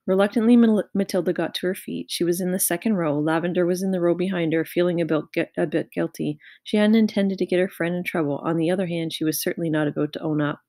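Woman reading a children's book, gravelly fry in the voice, dry close sound, expressive narration. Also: fairly low pitch, fast talker, few pauses, dry recording. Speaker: audiobook reader.

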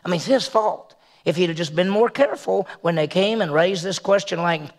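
Gravelly high-voiced preaching man. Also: a little fast. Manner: conversational preaching with emphatic rises and soft asides. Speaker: pastor. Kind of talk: sermon.

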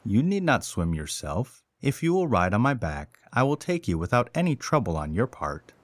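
A man voicing a calm, kindly sea tortoise. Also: on the low side, moderate pace, no room sound. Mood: reassuring. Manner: polite, reassuring.

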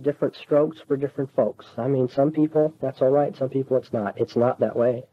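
A man giving a classroom lecture, earnest and emphatic, pressing his points insistently. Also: medium pitch. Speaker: lecturer on apologetics. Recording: dull lo-fi lecture recording.

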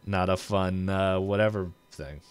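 Slow, low-voiced male game master. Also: smooth. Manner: laid-back, laughs often. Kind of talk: narrating a tabletop horror game.

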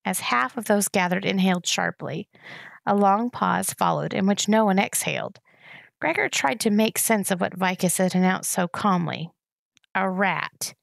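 Gravelly woman reading a novel. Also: mid-range voice, no echo. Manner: steady storytelling. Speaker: audiobook reader.

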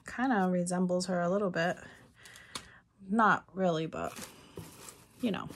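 Excitable giggly woman unboxing at home. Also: fairly low pitch, unhurried, slight background noise. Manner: excitable and giggly, self-teasing. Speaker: unboxing vlogger. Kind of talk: casual unboxing chat, reading card aloud.

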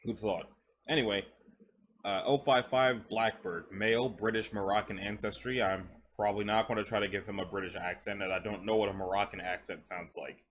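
A man's voice: on the low side, steady tone, brisk, fairly bright tone, a little hiss or hum. Chatty man reading while chewing gum. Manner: chewing gum while talking, chatty asides, stumbles over words. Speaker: story reader. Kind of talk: casual reading of stories with asides.

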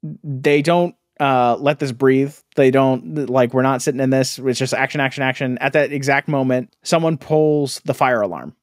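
A man co-hosting a podcast, chatting casually and laughing often. He sounds mocking and incredulous. His voice is mid-pitched and dry, recorded close on a podcast mic. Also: moderate pace, no echo. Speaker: podcast co-host. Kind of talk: casual comic chat.

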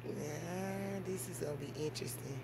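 A mother chatting casually to her vlog audience, telling stories with big swings in pitch and loudness. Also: normal speed, creaky, heavy background noise. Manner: animated storytelling with big swings in pitch and volume. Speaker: mother and vlogger.

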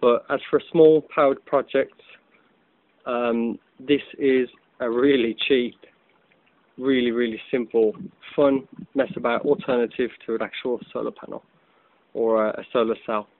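Out in the afternoon sun, a man who makes hobby videos demonstrates a gadget while filming on his phone. His mid-range voice is steady and moderately paced, the recording dry and tinny, and his chatter is loose, with plenty of ums and restarts.

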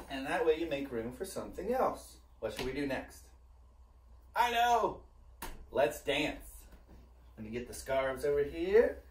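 A man teaching a virtual music class for preschool children, gentle and encouraging, leading call-and-repeat. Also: medium pitch, far from the mic. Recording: roomy echo, off-mic, loud music.

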